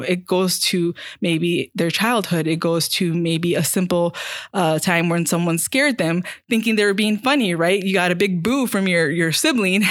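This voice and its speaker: Woman counselor talking through anxiety calmly. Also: on the low side, no room sound, studio quality. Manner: steady, conversational, checks in with "right?". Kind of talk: casual explanatory talk.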